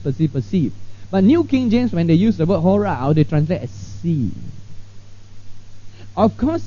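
A man's voice: high voice, dark tone. A man teaching a Bible class in a conversational way, often checking in with his listeners. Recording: dull lo-fi recording.

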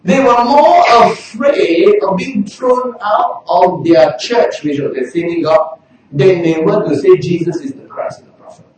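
A man preaching a sermon in a lively way, often rising to a shout for emphasis. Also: sits high, measured pace, slight background noise. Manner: animated, bursts into shouting for emphasis. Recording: very echoey hall, mic far off.

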